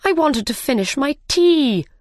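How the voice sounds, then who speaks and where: A jittery, flustered storybook hatter squeaks out his defenses in a high, anxious voice, as a woman acts him out. He sounds pitched well above her plain reading voice. The sound is close and dry. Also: lively intonation, a little slow, a little mellow, no room sound. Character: nervous, flustered male Mad Hatter.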